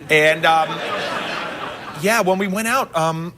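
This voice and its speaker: A man's voice: a little high, slow pace, noisy background. A New York man in his thirties, a guest on a late-night talk show, telling stories about family and travel and laughing at himself. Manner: chatty storyteller, laughs at himself. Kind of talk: late-night interview chat.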